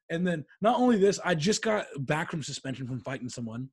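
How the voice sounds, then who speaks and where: A young man on a podcast telling stories in a casual, animated way, acting out what others said. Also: a little high, fairly quick, husky. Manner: animated, swearing, acts out quotes. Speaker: podcast co-host. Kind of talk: casual storytelling chat.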